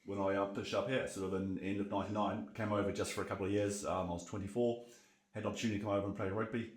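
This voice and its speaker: A man in his forties with a New Zealand accent tells his story in a relaxed podcast chat, quick and full of fillers. His voice sits very low. The room gives it a noticeable echo. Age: 40s. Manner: candid, reflective storytelling with many fillers. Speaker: guest, burnout coach. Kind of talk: casual podcast interview.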